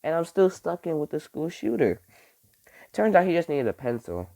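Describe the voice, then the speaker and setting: A young man tells a story to his camera in a loose, casual way. His pitch swings up and down a lot as he talks. He swears freely and fills his sentences with "like". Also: normal speed, gravelly. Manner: animated, swears, heavy use of "like". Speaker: vlogger.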